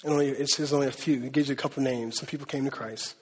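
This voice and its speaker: A man preaching a sermon to his church in a casual, animated way, using slang and acting out quotes. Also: medium pitch, very fast, husky. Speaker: pastor. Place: church hall. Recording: long reverb of a large hall.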